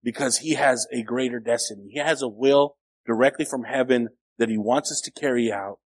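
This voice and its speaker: A man preaching a sermon as a pastor, telling a personal story in a conversational way, rising to emphatic peaks and dropping quiet. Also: medium pitch, fairly quick, slightly rough.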